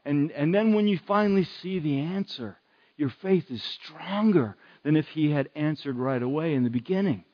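A man's voice: on the high side, expressive, moderate pace, lo-fi sound. A man preaching a sermon in an earnest way, repeating phrases for emphasis.

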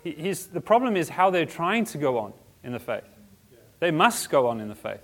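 A man's voice: fairly high pitch, very animated, normal speed, fairly bright tone. A man teaching a church group in a conversational style, restarting phrases and adding humorous asides. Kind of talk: informal teaching talk.

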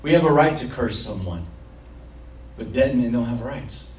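A man's voice: medium pitch, lively intonation, normal speed, darkish tone, slight background noise. Guy pastor preaching hard, acts out little prayers, echoey room, mic kinda far. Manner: impassioned preaching, acting out prayers and quotes. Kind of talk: sermon. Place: church. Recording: roomy, from a distance.

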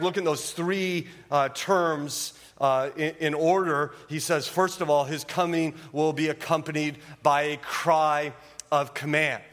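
A man's voice: fairly high pitch, a bit bright. Pastor man preaching in a hall. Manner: emphatic, asks rhetorical questions. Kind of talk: sermon. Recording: long reverb of a church hall.

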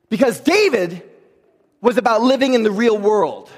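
High-voiced preacher in an echoing hall. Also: male voice, animated, measured pace. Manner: impassioned, sometimes shouting, dropping to a hush. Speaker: pastor. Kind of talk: sermon.

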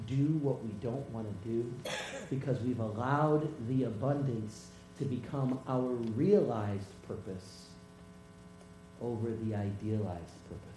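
A male pastor preaching a sermon through personal stories, halting and repeating words as he retells conversations. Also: medium pitch. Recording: echoey room with mains hum.

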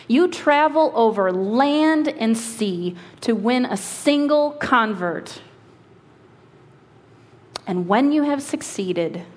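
A woman lead pastor preaching a sermon and reading scripture, earnest and slowing for emphasis, with quick asides. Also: a little high. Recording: long hall reverb.

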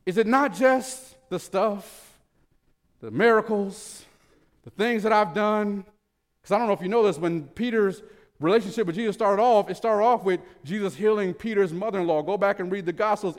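A male pastor preaching a sermon in a church, animated, swinging between loud emphasis and soft low asides. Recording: reverberant church hall.

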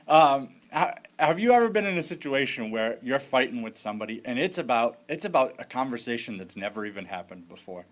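A man's voice: mid-range voice, very animated, a little fast, few pauses. Conversational male pastor preaching. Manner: conversational storytelling with self-interrupting restarts. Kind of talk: sermon.

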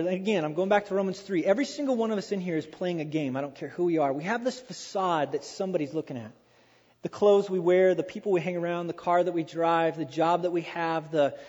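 A man preaching a sermon in a lively, animated way, acting out quoted voices and repeating phrases for emphasis. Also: high-pitched. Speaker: pastor. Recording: dull lo-fi sound with long hall reverb.

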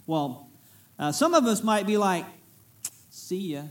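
A man delivers a casual, storytelling sermon. His voice sits high for a man, and he keeps it folksy and lively, breaking in with joking asides to the congregation. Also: a little slow. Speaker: pastor. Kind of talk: conversational sermon.

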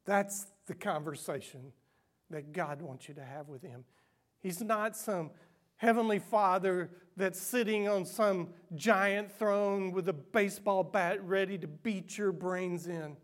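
An earnest male pastor delivering a sermon in a personal, conversational way. He pushes some phrases out loudly, then drops to a hushed near-whisper for the tender parts. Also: high-pitched, unhurried.

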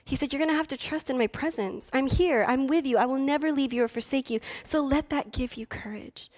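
Expressive young woman preaching a sermon. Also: high-pitched, a little fast. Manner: expressive preaching, swings between loud emphasis and hushed near-whispers. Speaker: youth pastor.

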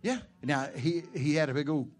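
A middle-aged man, preaching in a folksy, laughing storytelling manner that breaks into loud shouts. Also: a little high, moderate pace. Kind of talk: sermon storytelling.

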